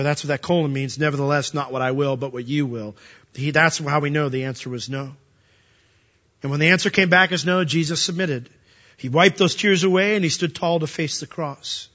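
A man preaching a sermon, animated and emphatic, often asking the listeners questions. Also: fairly high pitch, dull audio.

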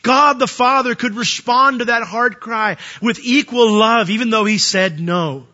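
A man preaching a sermon, animated and emphatic, often asking the listeners questions. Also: very high voice, unhurried, highs cut off.

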